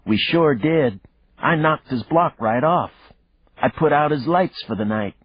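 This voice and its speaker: A man's voice: fairly high pitch, lively intonation, measured pace, husky, no room sound, pitched above the performer's own voice. A man voicing a cute, playful young girl in an audiobook, in a sing-song, teasing way. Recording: dull lo-fi dry recording.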